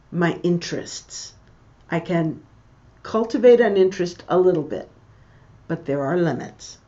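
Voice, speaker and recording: A woman teaching English, reading a text aloud slowly and explaining words and intonation to her learners. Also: fairly low pitch, darkish tone, muffled recording. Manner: slow, deliberate reading with pronunciation comments.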